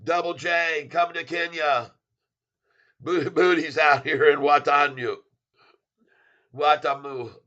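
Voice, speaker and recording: A man hamming up a teasing character with a put-on foreign accent, talking in broken English with a bright, forceful edge. He jokes and lectures in short, clipped phrases. The audio is dull and lo-fi. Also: a little high, steady tone, very slow, pauses often, heavily acted. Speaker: stock channel host.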